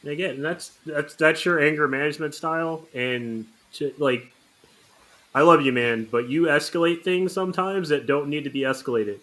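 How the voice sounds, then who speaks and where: A man with a bright, forceful, slightly high voice speaks frankly to a friend. He is plain-spoken and direct on a casual podcast. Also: normal speed. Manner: blunt, frank advice-giving. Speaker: podcast co-host.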